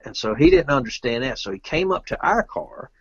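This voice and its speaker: A man's voice: medium pitch, expressive, brisk, a bit bright, breathy edge, no room sound, highs cut off. A man, a guest telling a rambling, folksy story with loose grammar in casual chat. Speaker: interview guest, pool player.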